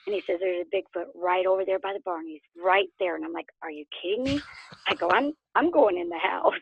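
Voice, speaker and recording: A woman from Oklahoma telling her story as an interview guest in casual storytelling, animated and laughing, acting out what others said. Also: fairly low pitch, fairly quick, vocal fry, husky, no echo. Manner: animated, laughs often, acts out quotes. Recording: tinny phone line.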